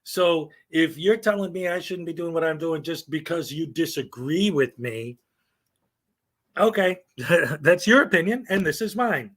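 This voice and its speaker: A man's voice: a little high, animated, a little slow, fairly bright tone. A middle-aged man giving rambling, opinionated live-stream commentary, full of fillers and short laughs. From United States.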